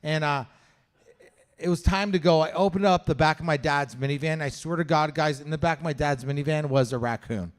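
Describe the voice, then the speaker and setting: Lively Canadian stand-up comic. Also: male voice, on the high side, a little fast. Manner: animated storytelling, swearing, acts out voices. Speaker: stand-up comedian. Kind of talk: stand-up comedy set. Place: comedy show venue with live audience.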